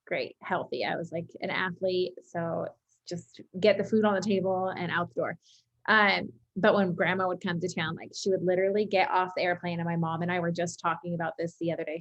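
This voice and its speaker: Brief: woman author, slightly low voice, animated chatty storyteller, video-call audio. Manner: lively storytelling, many fillers like "like". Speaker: cookbook author. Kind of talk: casual conversation.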